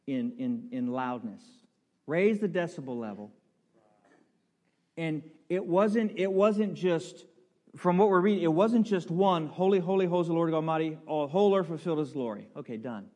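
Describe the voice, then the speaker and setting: A pastor preaching a sermon, leading the congregation in call and response with a playful, coaxing manner that builds into loud bursts. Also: male voice, a little high, animated, moderate pace. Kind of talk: sermon with audience participation. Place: large church sanctuary. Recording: long hall reverb.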